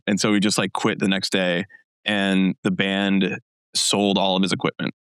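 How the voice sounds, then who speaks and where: A man hosting a podcast interview, relaxed and chatty, sharing a story with his guest. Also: low voice, normal speed, smooth, no echo, studio quality. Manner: relaxed, laughs along, short reactions. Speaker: podcast host. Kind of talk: casual interview chat.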